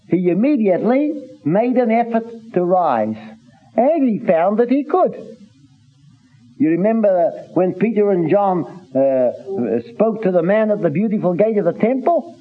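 A man preaching a sermon in an earnest, halting way, with many restarts, reading scripture in old-fashioned phrasing. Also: high voice. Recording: tinny phone-like recording.

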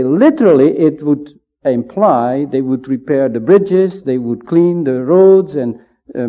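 A man giving a measured, emphatic Bible teaching sermon, pausing often to stress his points. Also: fairly high pitch, dark tone. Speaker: preacher. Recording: dull lo-fi sound.

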